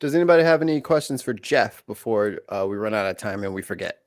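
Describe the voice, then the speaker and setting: An American man hosting a casual podcast chat in a lively, joking manner. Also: fairly low pitch, fast, no room sound, studio quality. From United States. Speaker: host.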